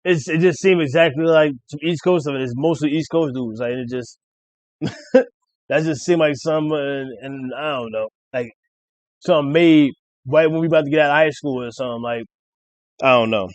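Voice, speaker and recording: A man, rambling casually through a rap battle recap and reciting lines excitedly. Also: normal speed, dry recording. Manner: rambling, excited, quotes bars with rising pitch.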